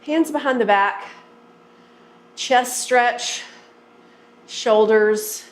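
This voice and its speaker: A woman's voice: a little high, extremely slow, reverberant. Encouraging woman coaching a workout. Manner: encouraging, coaching through moves. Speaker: fitness instructor. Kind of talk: guided workout instruction.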